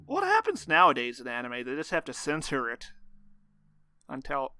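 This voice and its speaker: A man co-hosting a podcast, trading quick jokes and one-liners in casual chat. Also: mid-range voice, huge pitch swings, pushed and bright, smooth. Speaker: podcast co-host.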